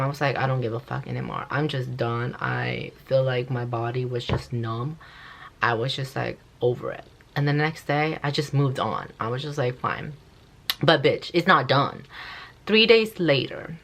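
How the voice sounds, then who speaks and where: Low-voiced young woman telling a storytime. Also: unhurried, gravelly, long pauses, a bit bright. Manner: rambling, profane, full of "like". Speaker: vlogger. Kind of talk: casual storytime.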